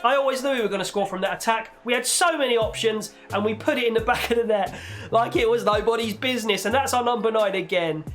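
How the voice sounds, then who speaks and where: A young man commentating on his own football video game match, chatty with viewers and bursting into shouts when his team scores. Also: fast, faint music behind. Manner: excitable, shouts and leaps in pitch on goals; chatty, talks to viewers as "guys" and "boys". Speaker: gaming YouTuber.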